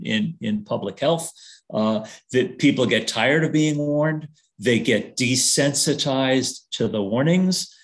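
An older man giving a lecture on risk communication, calling for the next slide, speaking in a halting way with many fillers and restarts and a dry sense of humor. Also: mid-range voice.

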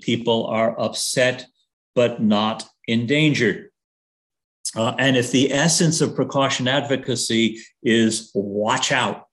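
An older man lectures from slides at a middle pitch, often pausing on "uh" and restarting his sentences. His delivery is thoughtful and unhurried, with a dry, wry humor. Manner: hesitant, many "uh" fillers and restarts, dry humor. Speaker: risk communication consultant giving a lecture.

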